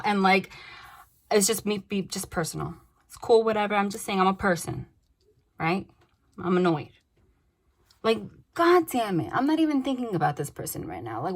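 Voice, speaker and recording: A woman doing a casual tarot reading, blunt and animated, swearing freely and laughing between cards. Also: medium pitch. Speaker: tarot reader.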